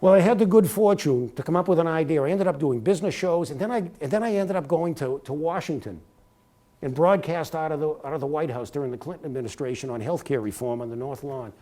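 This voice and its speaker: A middle-aged man giving an animated talk at a university, telling career stories and sometimes breaking into a sportscaster's cadence. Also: fairly high pitch, fast talker. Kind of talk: motivational talk with anecdotes. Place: lecture hall at a university.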